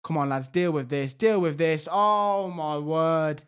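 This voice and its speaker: A man commentating his own video game, swinging from hushed tension to loud excited outbursts. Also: fairly high pitch, unhurried, smooth. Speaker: gaming YouTuber.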